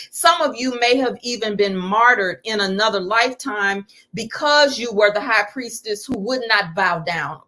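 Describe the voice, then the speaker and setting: A woman's voice: mid-range voice, fairly bright tone. A middle-aged woman teaching on spirituality in a live stream, preacherly and full of rhetorical questions.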